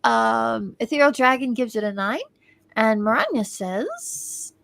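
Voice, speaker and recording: A woman's voice: on the high side, lively intonation, unhurried, gravelly, fairly bright tone. A giggly woman reading out chat comments on a casual live stream.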